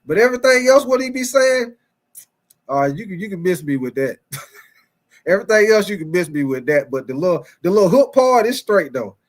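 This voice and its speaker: A young man hosting a casual sports talk show, animated and quick to laugh, repeating his phrases and calling out to viewers. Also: high-pitched. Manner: animated, laughing often, repeats phrases, reads live chat. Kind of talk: casual chat.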